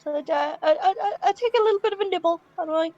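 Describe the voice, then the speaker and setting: A woman's voice: extremely high pitch, fast talker, darkish tone, lo-fi sound. A woman playing in a tabletop game, cheerful and playful in casual chat. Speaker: player.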